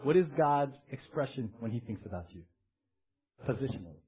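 A male pastor delivering an animated, emphatic sermon, calling out to the congregation. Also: medium pitch, fairly quick, slightly rough, lo-fi sound.

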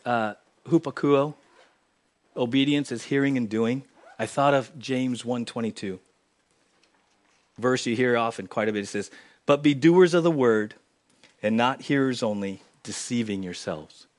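A man preaching a sermon in church, swinging from loud emphatic lines to quiet, low asides. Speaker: pastor. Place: church sanctuary.

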